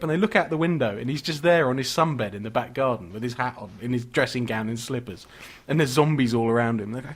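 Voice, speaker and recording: A man's voice: mid-range voice, lively intonation, fast, breathy edge. A man co-hosting a podcast, chatting casually about horror films with enthusiasm, laughing often and restarting his sentences as he rambles. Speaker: podcast co-host. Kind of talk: casual horror film chat.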